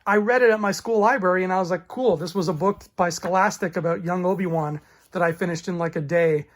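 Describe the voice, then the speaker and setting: A young man, a podcast host, enthusiastically reviewing a book in a casual chat and showing its pages as he talks. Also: high voice.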